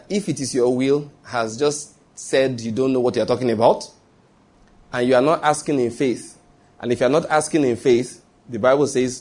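A man's voice: mid-range voice, a little mellow. A male preacher delivers a sermon in a mid-range voice. He keeps asking if his listeners follow and restarts phrases as he thinks aloud. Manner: repeatedly checks the listeners follow, with many restarts.

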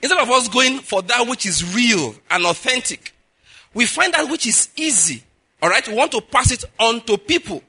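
A middle-aged male pastor preaching a sermon, pushing his voice higher and louder to stress his points. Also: animated, moderate pace, husky. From Nigeria. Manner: emphatic, rises in pitch and volume to stress points.

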